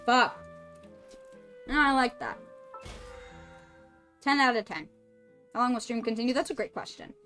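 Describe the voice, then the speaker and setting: Woman streamer, goofy casual chat, higher voice, faint music behind. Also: lively intonation, measured pace, pauses often, pushed and bright. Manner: goofy, swears, riffs with chat.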